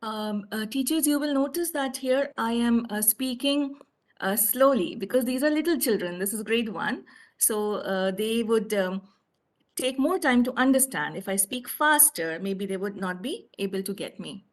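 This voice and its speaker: A woman teacher with an Indian English accent explaining her teaching methods to fellow teachers, pausing often with fillers. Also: on the high side, animated. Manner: hesitant, many fillers. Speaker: teacher presenting at a workshop.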